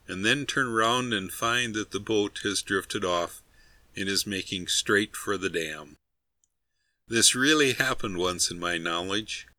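Man narrating with a dry, bright voice. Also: medium pitch, no room sound. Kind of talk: scripted narration of a humorous story.

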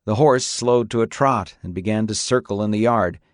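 Low-voiced male audiobook narrator. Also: no room sound, studio quality. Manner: steady, measured storytelling.

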